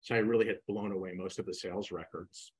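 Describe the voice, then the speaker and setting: Husky-voiced older man telling stories. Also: deep voice, fast talker, poor audio. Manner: animated storyteller who acts out quoted speakers. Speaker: guest, real estate coach. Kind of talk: storytelling in a podcast interview.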